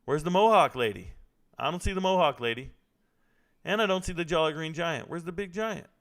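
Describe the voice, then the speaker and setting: A man casually commenting live on a fight broadcast, reacting excitedly and talking to his chat. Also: fairly high pitch, a little fast.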